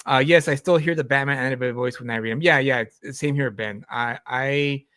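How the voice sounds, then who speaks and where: A man's voice: mid-range voice, brisk, dry recording, studio quality. Casual male live stream host. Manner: relaxed, laughing, frequent restarts and fillers. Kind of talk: casual chat about comics.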